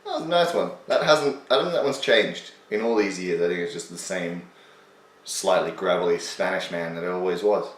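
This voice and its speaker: Low-voiced guy roasting his old vid, sarcastic and sweary, sounds kinda far off in a boomy room. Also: a little fast, roomy sound. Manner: sarcastic, self-mocking, swears. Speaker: host reacting to his old video. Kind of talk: casual commentary.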